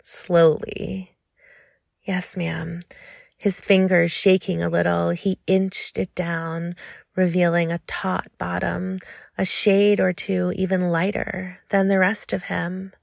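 Slow gravelly woman reading a story. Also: on the low side, little pitch movement, no echo, clean studio sound. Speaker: narrator.

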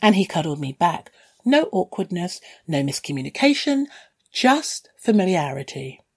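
A woman's voice: on the low side, big pitch swings, moderate pace, slightly rough. A woman reading a first-person story in a candid, dryly wry way. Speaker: narrator.

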